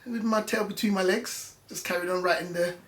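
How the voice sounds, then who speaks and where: Animated man talking in an echoey room. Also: high voice, a little fast. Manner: passionate, animated storytelling. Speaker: guest, former music journalist. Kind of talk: casual conversation.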